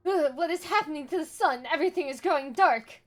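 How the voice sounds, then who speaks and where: A woman's voice: high-pitched, brisk, soft background music, natural voice. A woman voicing a sheltered young dragon girl who is skittish yet proud. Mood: frightened. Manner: skittish, flustered.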